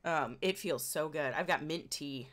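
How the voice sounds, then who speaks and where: A woman with an Indiana accent chats with her stream audience, her voice sitting on the lower side. She talks at an unhurried pace, full of dry jokes and easy laughter. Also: a bit bright. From Indiana, United States. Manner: wry, joking, quick to laugh. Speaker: livestreamer. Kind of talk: casual chat with viewers.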